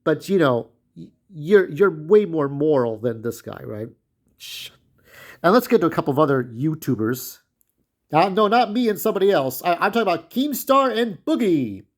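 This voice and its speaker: A man's voice: on the high side, very animated, normal speed. A man hosting his own vlog, ranting in a profane, rambling way with frequent restarts. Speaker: channel host.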